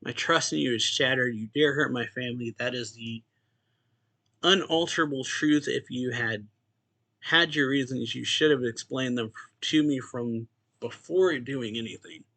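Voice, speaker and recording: Young man guarding his family, bright and forceful, read out plainly by a man recapping a comic. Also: mid-range voice, moderate pace. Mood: angry.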